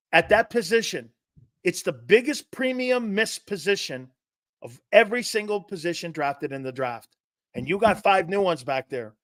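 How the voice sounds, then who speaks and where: A man hosting a sports talk show, brash and profane, arguing loudly with his co-host. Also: high voice, dry recording.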